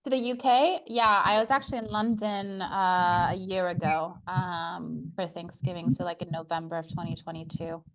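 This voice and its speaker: A woman's voice: on the low side, flat delivery, moderate pace, few pauses, muffled recording. Young woman on a video call, spanish is her first language, lots of ums and restarts, just chatting. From United States. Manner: chatty, many filler sounds and restarts. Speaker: guest. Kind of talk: casual interview chat.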